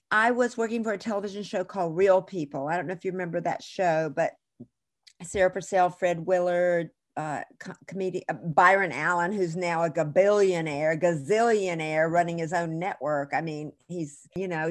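Chatty, digressive woman telling a story. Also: lowish voice. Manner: chatty, digressive, emotional storyteller with self-corrections. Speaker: actress and interview guest. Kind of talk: casual storytelling in an interview.

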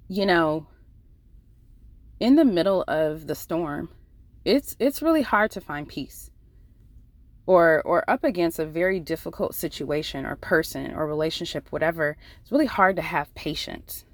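A woman with a fairly low voice gives an earnest Bible devotional. She talks in a casual, conversational way, often restarting her sentences. The sound is dry and close, with no room echo. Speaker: devotional podcast host; ICU nurse.

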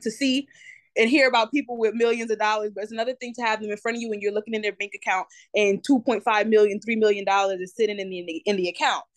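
A woman in her twenties with a New Jersey accent, a guest telling her story in a lively, slangy, talkative way with plenty of ums. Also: mid-range voice, fast, no room sound. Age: 20s. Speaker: guest entrepreneur. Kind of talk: casual interview.

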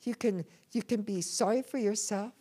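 A woman's voice: medium pitch, moderate pace, warm tone, husky. A woman preaching a sermon in church, calling on the congregation to answer back. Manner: call-and-response preaching to a congregation.

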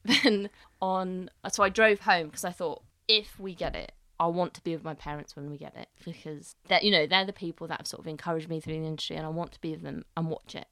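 A young woman head chef talks through a story in a relaxed chat, slipping into quoted voices and swearing now and then. Her voice sits a little low for a woman. The sound is close and dry. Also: fairly quick, few pauses, no echo. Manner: animated storyteller acting out quotes, swears freely. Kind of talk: casual podcast chat.

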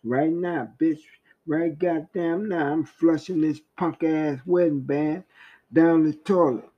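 A man's voice: a little high, steady tone, extremely slow, lo-fi sound. A man voicing a furious, foul-mouthed male prisoner who spits crude insults. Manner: profane, spitting insults.

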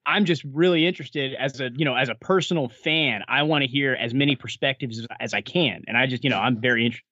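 A man's voice: mid-range voice, fast talker, bright, forceful tone, dry recording, lo-fi sound. A man visiting another podcast as a guest host, chatty and eager, rambling about his interests. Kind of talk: casual podcast chat.

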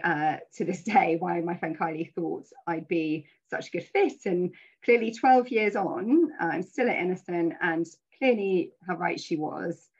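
Husky middle-aged woman, earnest webinar talk. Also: on the low side, lo-fi sound. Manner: earnest, reflective, with frequent fillers. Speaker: webinar speaker.

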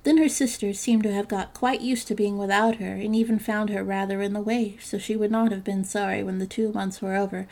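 A woman narrating a classic fairytale in a measured storybook reading. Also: medium pitch, fairly even intonation, vocal fry, darkish tone.

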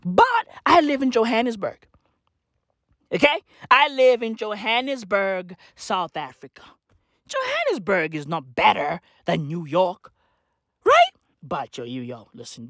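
A hoarse vlogger tearing through a comedic rant, swinging their pitch wildly up and down. The talk is full of slang and swearing, with "bruv" and "fam" again and again. The recording is close and dry, with no room sound. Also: a bit bright, no echo. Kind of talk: profane comedic rant to camera.

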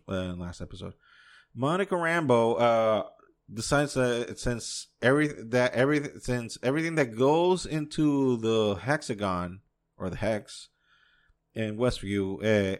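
A man from New York hosts his own podcast and reviews a show in a loose, rambling way. He swears freely and keeps chuckling at his own asides. His voice sits on the low side. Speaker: podcast host. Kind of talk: casual solo show review.

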